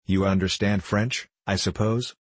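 A man's voice: on the low side, fairly even intonation, a little slow, no room sound. A man reading the part of a mocking, condescending middle-aged diplomat, speaking sharply and cynically. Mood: sneering.

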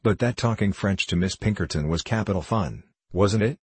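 A man's voice: deep voice, moderate pace, darkish tone, slightly rough, no echo. A man voicing a defiant, bitter young woman in a storybook reading, spiteful and mocking.

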